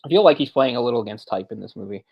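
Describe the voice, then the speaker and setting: A man's voice: medium pitch, animated, rapid-fire, creaky, husky, dry recording, muffled recording. A man co-hosting a movie discussion podcast, talking in a rambling, self-correcting way with frequent chuckles. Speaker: podcast co-host.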